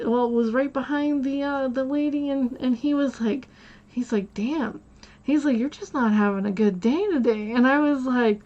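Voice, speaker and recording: A woman with a somewhat high voice tells a long story in a loose, rambling way while streaming. She keeps quoting what everyone said with "I was like". The sound is a bit dull and lo-fi. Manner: rambling, retells dialogue with many "I was like". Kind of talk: casual storytelling while gaming.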